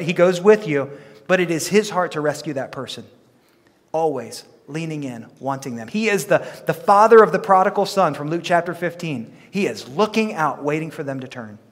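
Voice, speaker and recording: A man preaching a sermon as pastor, talking to his congregation in a playful, conversational way. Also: a little high. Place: church sanctuary. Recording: long reverb of a church hall.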